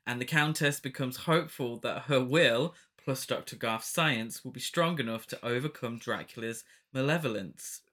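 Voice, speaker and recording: Bright-voiced man laughing through a plot recap. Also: mid-range voice, moderate pace, few pauses. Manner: giggly, retells the plot with frequent laughs. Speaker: podcast co-host. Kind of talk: casual film-review chat.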